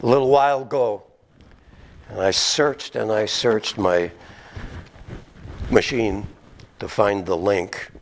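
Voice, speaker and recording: A male pastor with a somewhat low voice delivers a sermon. He slows right down to read scripture lines with weight, then talks them through in a plain, conversational way with small restarts. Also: a little hiss or hum. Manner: slow deliberate emphasis on scripture readings, with restarts.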